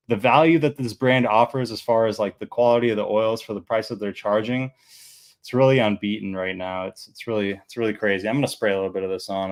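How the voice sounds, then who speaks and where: A man's voice: on the low side, a little mellow. A man of about thirty reviewing fragrances in a casual, rambling chat, full of fillers and easy enthusiasm.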